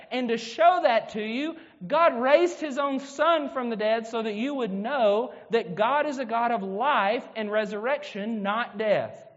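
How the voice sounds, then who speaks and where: A man preaching a sermon, retelling a scripture story and acting out its quotes. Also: high voice. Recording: dull sound with long hall reverb.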